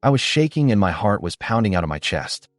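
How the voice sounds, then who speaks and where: A man giving scripted first-person narration of a story in a steady, animated storytelling delivery. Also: on the low side, a little fast, no room sound, clean studio sound. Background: faint background music.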